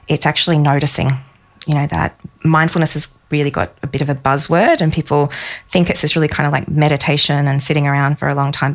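A woman in her thirties, a psychologist guest on a podcast, telling a personal story warmly and with emotion. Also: deep voice. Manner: warm storytelling, emotional in places.

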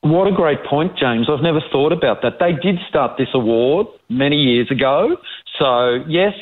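An emphatic Australian man co-hosting a radio chat, his voice sitting fairly high for a man. He comes through a thin, tinny, phone-like line. He talks with conviction and pokes fun at critics. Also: expressive, normal speed. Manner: emphatic, mocks critics in put-on quoted voices. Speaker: co-host.

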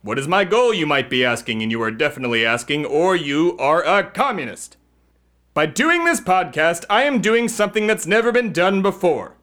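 A man playing a loud, arrogant political fixer who hosts a comedy podcast, boasting and yelling. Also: fairly high pitch, sing-song, moderate pace. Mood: boastful. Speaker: podcast host.

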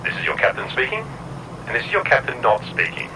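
A man's voice: mid-range voice, very animated, fast talker, close to an everyday voice. A man playing a male airline captain making cabin announcements in a formal announcer cadence. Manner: formal announcer cadence breaking into silly bits. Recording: distant mic under loud aircraft cabin noise.

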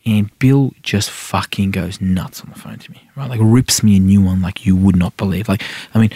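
A middle-aged Iranian man, a senator appearing as a podcast guest, chats casually in a rambling, filler-heavy style, often tacking on "right?". His voice is deep, dark and steady at a moderate pace, in a dry recording.

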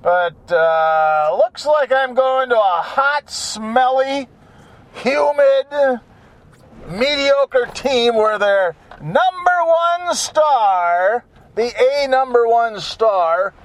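A man's voice: very high-pitched, expressive, extremely slow, heavily acted. A man putting on the voice of a disappointed young male basketball rookie who gripes about where he is headed. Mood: griping.

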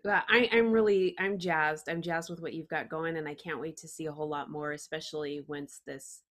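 A woman hosts an interview with a somewhat low voice. She talks enthusiastically and heaps on praise. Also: fairly even intonation, fairly quick. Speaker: podcast host. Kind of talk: interview hosting.

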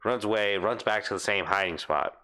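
A young man telling a funny work story in casual chat, animated, laughing and swearing, acting out what people said. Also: on the low side, a little fast. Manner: animated, laughing often, swearing, acts out quotes.

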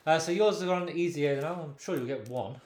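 A male podcast co-host who keeps his humor dry and deadpan. His voice sits slightly high, and it rings in an echoey room. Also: a little fast. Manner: dry, low-key deadpan. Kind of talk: casual comedy podcast chat. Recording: roomy echo.

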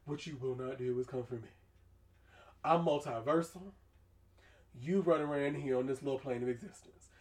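A man's voice: mid-range voice, normal speed, pauses often, a little mellow, distant mic, natural voice. A man doing a scornful, arrogant devil. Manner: contemptuous, sassy put-down. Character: arrogant devil, male, dismissive and menacing.

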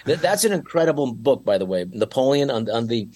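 A man's voice: medium pitch, lively intonation, a little fast, mellow, slight background noise. Rambling storytelling man. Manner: rambling, storytelling, lots of fillers and restarts. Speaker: guest. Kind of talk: casual chat.

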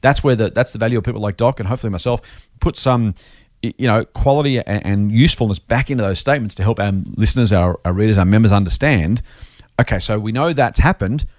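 A man's voice: fairly low pitch, fast, no room sound, studio quality. A man hosting a casual finance podcast, joking and reading listener mail aloud. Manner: jokey, animated, reads listener mail aloud. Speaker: podcast host.

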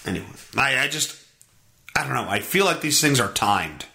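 A man's voice: animated, moderate pace, gravelly, pushed and bright. A man hosting a casual solo podcast, reading news aloud and ranting about it sarcastically. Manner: sarcastic, ranting, swings up and down in pitch. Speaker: podcast host. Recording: roomy echo.

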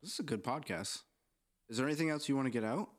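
A man's voice: medium pitch, lively intonation, fast. A young man co-hosting a podcast, chatting casually in a rambling, joking, profane way. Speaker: podcast co-host.

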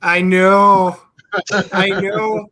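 A man on a talk show as a guest, telling animated stories over a video call. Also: high-pitched, extremely slow. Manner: animated storytelling. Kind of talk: casual chat.

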